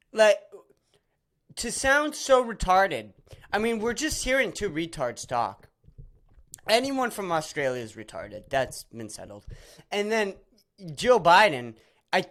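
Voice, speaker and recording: A man's voice: high-pitched, very animated, slow pace, pauses often, a bit bright. A man hosting a solo podcast, ranting in a profane, rambling, sarcastic way with many restarts. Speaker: podcast host.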